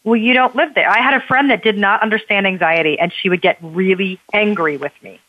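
Woman, earnest, emphatic, candid storytelling, mid pitch, dry, tinny phone line. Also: a little fast, dry recording. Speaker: guest author and bodyworker.

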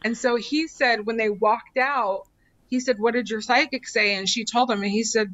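A woman's voice: a little high, fairly even intonation, normal speed, fairly bright tone, dull audio, a little hiss or hum. A woman telling a personal story as a psychic guest, acting out voices and repeating phrases for effect. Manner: dramatic, acts out quotes, repeats phrases. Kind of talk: animated storytelling in conversation.

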